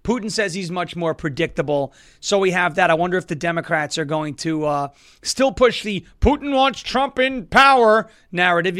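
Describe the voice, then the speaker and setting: A man hosting a political commentary show. His voice is high-pitched and bright, with a sharp edge. He delivers the news with sarcasm and running jokes. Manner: sarcastic, joking. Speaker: host.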